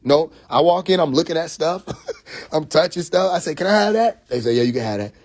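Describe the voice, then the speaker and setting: A man telling a story on a phone livestream, animated and profane, full of restarts and acted-out quotes. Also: on the high side, brisk. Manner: profane, confrontational. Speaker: livestream host. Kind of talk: casual livestream monologue. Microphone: phone mic.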